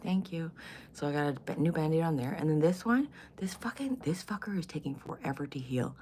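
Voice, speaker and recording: A woman's voice: sits low, lively intonation, a little fast, a little mellow, slight background noise. A woman, likely in her forties or older, hosting a casual morning livestream, crude and giggly, chatting to viewers and often dropping into whispers. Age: 40s or older. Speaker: vlogger host.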